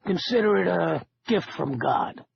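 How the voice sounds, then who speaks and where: A man doing a gravelly, crude casino boss. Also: high-pitched, expressive, unhurried, no room sound, dull audio, pitched above the performer's own voice, exaggerated voice. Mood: sneering. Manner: insulting, sneering. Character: crude, menacing male casino owner. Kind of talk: audiobook character voice.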